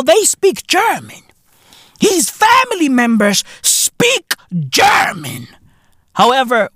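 South African male podcast host, profane comic ranter, bright, lively voice. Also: very high voice, no echo, studio quality. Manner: profane, animated ranting with slang. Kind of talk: comic monologue.

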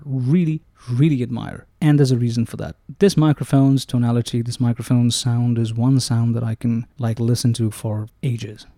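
Very dark-voiced playful man. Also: mid-range voice, no room sound, studio quality. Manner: playful and self-mocking, often calls out "ladies and gentlemen". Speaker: microphone reviewer. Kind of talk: casual gear review monologue. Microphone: close-up dynamic microphones, about three inches away.

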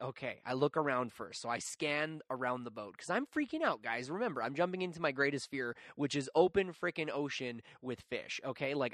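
A man's voice: medium pitch, no room sound, studio quality. Chatty young man telling a story. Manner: animated, chatty, self-mocking, with many fillers. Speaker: podcast host. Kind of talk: casual storytelling.

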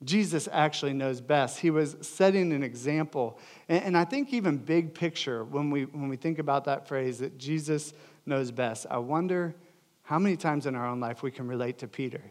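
Earnest pastor with a higher voice. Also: male voice, normal speed. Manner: earnest, emphatic, swings between loud and hushed. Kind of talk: sermon.

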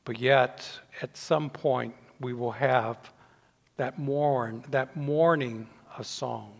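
Older preacher in a reverberant church. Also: male voice, mid-range voice, vocal fry. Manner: measured preaching, dropping softly at phrase ends. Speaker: pastor. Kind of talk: sermon. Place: church sanctuary. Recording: long reverb in a church hall.

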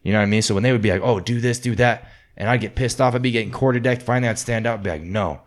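A man's voice: mid-range voice, racing. A man telling blunt, profane stories about boot camp in casual podcast chat. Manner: profane, blunt, animated storytelling. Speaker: podcast host, former Marine.

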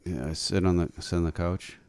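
A man hosting a live radio show in a studio, bantering casually with deadpan wisecracks. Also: low-pitched, brisk, clear, resonant tone. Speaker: radio host. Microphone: studio microphone.

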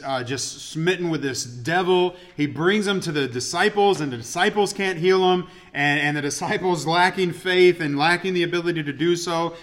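A man's voice: medium pitch, fairly bright tone. A man preaching a conversational sermon, with self-deprecating joking asides. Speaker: pastor.

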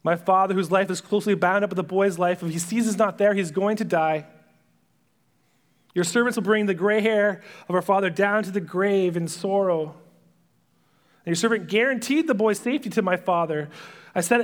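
A male pastor preaching a sermon, retelling a story dramatically and dropping to hushed whispers at its emotional moments. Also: high voice, normal speed.

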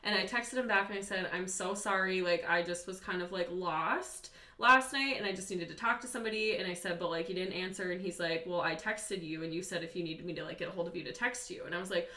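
A young woman tells a wild story with lots of energy and plenty of swearing, her words packed with "like". Her voice is bright and clear. The room around her has a noticeable echo. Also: on the low side, quick pace, few pauses. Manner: animated, profane, many "like" fillers. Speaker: podcast guest. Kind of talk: casual storytelling chat.

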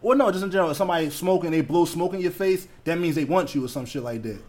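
Animated, loud-laughing man in casual chat. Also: fairly high pitch, racing. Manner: loud, animated storytelling with frequent laughter and profanity.

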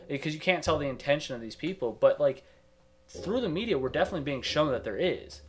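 A man's voice: a little high, lively intonation, fast. A young man co-hosting a casual podcast with friends, rambling and thinking aloud with lots of fillers. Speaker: podcast co-host. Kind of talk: casual chat among friends.

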